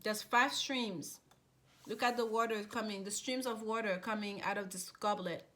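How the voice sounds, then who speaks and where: A woman's voice: medium pitch, normal speed, fairly bright tone. A woman giving a casual tarot reading, chatty and rambling, with many fillers and restarts. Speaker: tarot reader.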